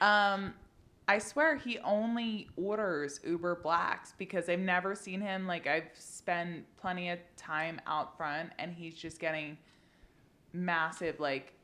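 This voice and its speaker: Low-voiced rambling female co-host. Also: steady tone, slow pace, fairly bright tone. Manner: rambling, hesitant, filler-heavy. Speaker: podcast co-host. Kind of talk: casual comedic banter.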